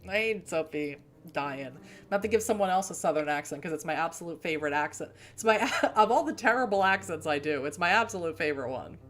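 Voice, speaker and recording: A woman's voice: fairly low pitch, animated, fast talker, hardly any pauses, a bit bright. A woman from Boston, a streamer, chatting casually with rambling asides while reading a game aloud. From Boston, USA.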